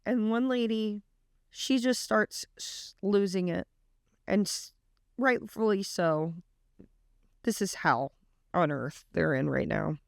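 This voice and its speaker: Earnest woman retelling a story, gravelly. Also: medium pitch, slow, pauses often, dry recording, studio quality. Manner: earnest retelling with emotional emphasis. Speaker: reaction vlogger. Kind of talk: casual storytelling.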